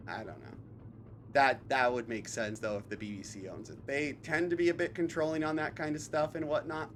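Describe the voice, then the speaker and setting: A man's voice: medium pitch, fairly even intonation, a little fast, fairly bright tone, a little hiss or hum. A man streaming a game live, chatting casually in a rambling, self-correcting way.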